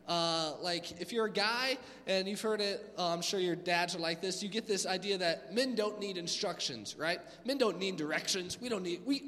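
A man preaching an energetic, conversational youth sermon in a church hall, acting out little voices. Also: sits high. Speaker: youth pastor. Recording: long hall reverb.

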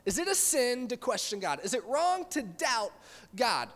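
A man's voice: very high voice, sing-song, normal speed, a bit bright, big-room sound. A young man, a youth pastor, giving a casual, conversational sermon with many fillers and restarts, in a church meeting room.

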